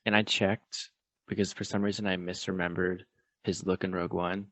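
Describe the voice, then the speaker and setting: A man's voice: deep voice, flat delivery, normal speed, no echo. A man co-hosting a podcast in easygoing casual chat, explaining things he looked up. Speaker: podcast co-host.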